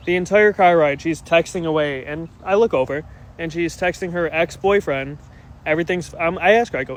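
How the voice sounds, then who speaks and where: A man's voice: a little high, fairly quick. A man casually telling a story about a bad date, quoting himself as he goes. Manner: rambling, quotes himself. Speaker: storyteller in clip.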